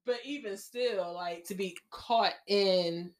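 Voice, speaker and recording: Measured woman hosting a podcast chat. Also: mid-range voice, over a noisy crowd. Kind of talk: casual chat.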